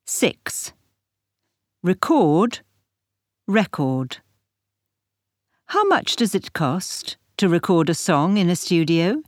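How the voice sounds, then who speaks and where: A woman reading textbook example sentences for a pronunciation lesson, with slow, careful enunciation. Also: fairly low pitch, sing-song, no room sound, studio quality. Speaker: textbook audio reader.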